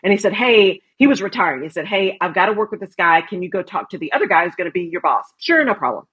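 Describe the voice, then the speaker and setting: Woman host, from texas, husky, dull lo-fi audio, storytelling. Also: lowish voice, sing-song, fast talker. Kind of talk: casual interview talk, storytelling.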